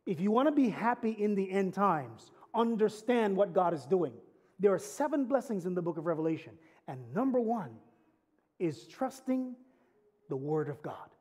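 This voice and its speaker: Sitting high and a little mellow, this man's voice is very animated at a normal speed. He is a pastor delivering an earnest sermon, telling humorous stories conversationally and building to emphatic climaxes.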